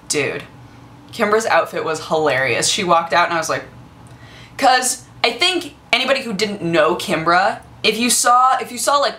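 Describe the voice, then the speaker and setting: A young woman in her twenties chatting casually to the camera on her vlog, gushing and excitable with lots of fillers. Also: fairly low pitch. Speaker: vlogger.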